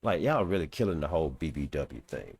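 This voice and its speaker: A man's voice: extremely low pitch, very animated, a little fast, a little mellow, husky. A man reading a news article aloud and breaking off into blunt, mocking, profane reactions. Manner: blunt, mocking, swears, reads quotes aloud then reacts. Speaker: commentary host.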